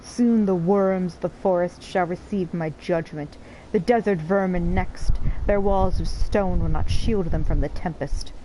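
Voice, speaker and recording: A woman's voice: fairly low pitch, unhurried, dark tone, close to an everyday voice, low-quality recording. A woman reading aloud as a wrathful female wind primal goddess in a video game, grandiose and menacing. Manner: grandiose, menacing, theatrical declaiming.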